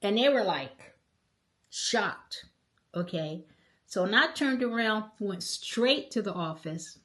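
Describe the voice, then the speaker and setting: Middle-aged woman vlogger, casual and emphatic storytelling to camera, average pitch. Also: slow pace. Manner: animated, emphatic retelling with frequent "okay?" check-ins. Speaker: travel vlogger.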